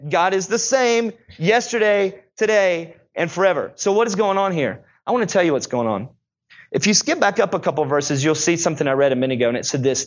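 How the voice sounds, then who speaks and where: A man's voice: high voice, dull audio. A male pastor preaching a sermon in a chatty style, with joking asides between Bible readings.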